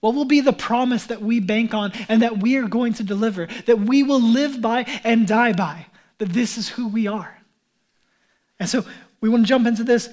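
A male pastor giving a conversational sermon, talking in a relaxed, chatty way with frequent fillers and restarts, and calling his listeners beloved. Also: high voice. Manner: addresses the congregation as beloved.

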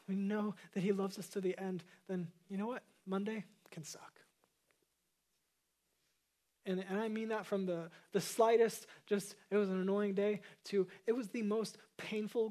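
Earnest pastor with repeated emphatic phrases. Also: male voice, high voice, dark tone. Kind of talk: sermon.

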